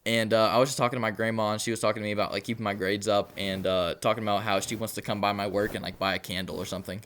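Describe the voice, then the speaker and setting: Young dude rambling thru a story, lots of "uh" and "like", talks quick. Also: male voice, on the low side, level tone, a bit bright, slight background noise. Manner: rambling and laid-back, heavy filler words. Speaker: storytelling vlogger. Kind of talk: casual storytelling.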